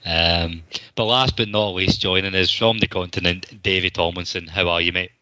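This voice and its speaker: Bright-toned man hosting a podcast. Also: deep voice, steady tone, normal speed, no room sound, dull audio. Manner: chatty, jokey, swears freely. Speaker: podcast host. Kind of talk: casual football podcast chat.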